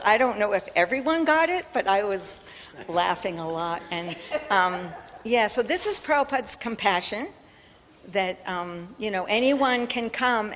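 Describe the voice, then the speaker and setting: A woman's voice: mid-range voice, a bit bright. Older lady chatting thru a memory with lots of ums, echoey hall, bit of hiss. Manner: chatty, laughing storyteller with many ums. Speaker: panel speaker. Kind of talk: telling a personal memory. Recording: reverberant hall with faint noise.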